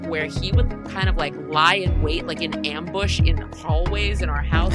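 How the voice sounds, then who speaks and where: A woman's voice: low-pitched, fairly even intonation, normal speed, loud music behind the voice. A woman guesting on a comedy podcast over a video call, telling stories in wry casual chat with frequent laughs.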